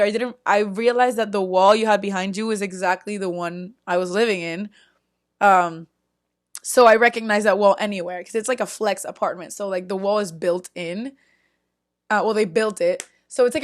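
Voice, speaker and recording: A young woman vlogging, casually telling a story with many "like"s and sudden loud bursts of disbelief. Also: mid-range voice. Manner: frequent filler "like" and restarts, chatty.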